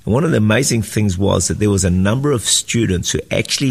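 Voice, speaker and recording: A man's voice: on the low side, animated, brisk, vocal fry, few pauses, husky, in a large hall. A man preaching an earnest devotional sermon as a pastor, reading scripture and teaching emphatically.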